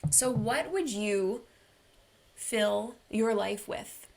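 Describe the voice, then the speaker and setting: Woman coach telling a heartfelt story in a workshop, a little vocal fry. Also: a little high, very slow, a little mellow. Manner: earnest, personal, storytelling. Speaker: wellness coach. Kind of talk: online workshop talk.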